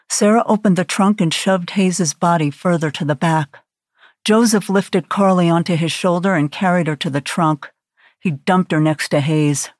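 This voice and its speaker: Female audiobook narrator, steady dramatic thriller read, dry sound. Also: on the low side, moderate pace, dry recording.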